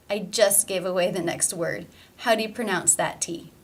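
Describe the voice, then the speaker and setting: A woman giving an English pronunciation lesson, explaining sounds and repeating example phrases slowly and carefully. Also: fairly low pitch. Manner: slow, careful demonstration of sounds.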